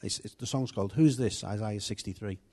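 A male preacher speaks to his congregation in a loose, chatty way, restarting sentences and turning aside to address people in the room. His voice sits a little on the low side. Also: fairly quick, warm tone, breathy edge. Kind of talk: informal sermon.

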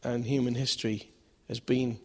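A man's voice: medium pitch, flat delivery, moderate pace, breathy edge. A man preaching a sermon in a conversational way, asking his listeners questions and acting out voices in his stories. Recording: long hall reverb.

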